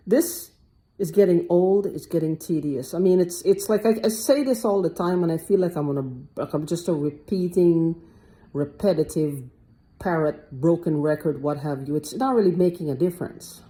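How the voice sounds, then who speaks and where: A woman with a low, mellow voice speaks at a moderate pace in a casual monologue to camera. She rambles loosely, repeats herself often and restarts a lot.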